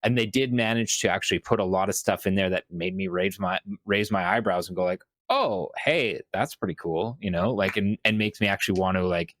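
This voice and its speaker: A man co-hosting a casual gaming podcast, talking in a thoughtful, measured way with many fillers. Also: low-pitched, steady tone, a bit bright, no room sound. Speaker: podcast co-host. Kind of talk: casual chat.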